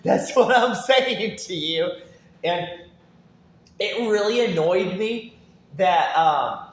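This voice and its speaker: A high-voiced man rants to his viewers, his pitch jumping all over as he rambles, stumbles over repeated words and keeps breaking into laughter. The sound is echoey, as if recorded in a bare room. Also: expressive, slow. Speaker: gaming YouTuber.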